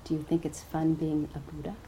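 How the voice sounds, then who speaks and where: A woman voicing a warm, gentle old male spiritual master in a story read during a dharma talk. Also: fairly low pitch, steady tone, moderate pace, noisy background, close to an everyday voice. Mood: wry. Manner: warm, wry.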